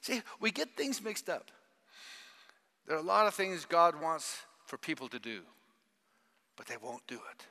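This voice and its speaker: An older man preaches with emphatic, animated delivery and keeps putting questions to the congregation. His voice is high and bright and swings widely in pitch. The sound carries the long reverb of a church hall. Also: measured pace, pauses often. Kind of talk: sermon.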